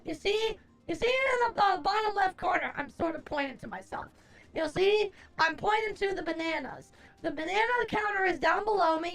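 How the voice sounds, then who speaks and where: Woman streamer, very high voice with vocal fry, profane and theatrical, faint music behind. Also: a bit bright. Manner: profane, theatrical mock-furious ranting. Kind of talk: casual livestream chat. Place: at a desk at home.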